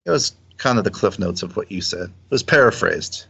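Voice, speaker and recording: A man's voice: lowish voice, animated, fairly quick, gravelly, a bit bright, husky, no echo, dull audio. A man, a touring musician, speaking as a guest in a casual conversation, easygoing and laughing often.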